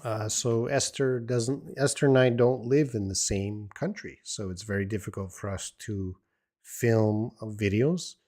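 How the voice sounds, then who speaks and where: A man's voice: lowish voice, measured pace, a little mellow. A man teaching English in a live-stream Q&A from home, answering viewers in a blunt, opinionated, teasing way.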